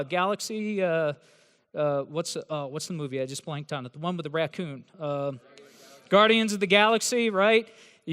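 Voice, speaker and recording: High-voiced man teasing students in a hall. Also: fairly bright tone, clear, resonant tone. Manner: sarcastic, teasing, joking delivery. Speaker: university professor. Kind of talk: humorous address to new students. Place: large hall with an audience.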